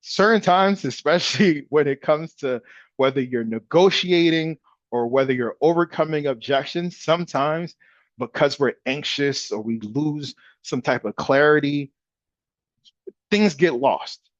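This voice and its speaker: A man giving a casual, energetic real estate training talk in a punchy coaching manner. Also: on the high side, measured pace, no echo. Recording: dull dry sound.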